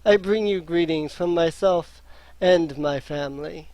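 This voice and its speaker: Courtly king greeting travelers, a man doing it in his own slow, measured voice. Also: on the high side, a little mellow, no room sound, poor audio. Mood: formal.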